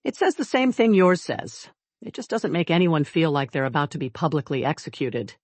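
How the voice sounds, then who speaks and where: A determined young woman intern trades quick, pointed remarks in a spoken storybook, put on by the narrator. Her lines sit a little above the narrator's middle register. The recording is close and dry. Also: medium pitch, sing-song, no echo. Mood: exasperated.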